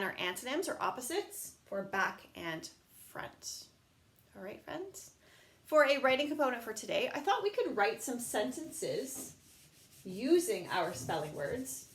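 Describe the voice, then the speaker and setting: A woman teaching young children in an online lesson, slow and patient, sounding words out in a sing-song teacher voice. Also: on the high side, a bit bright, a little hiss or hum.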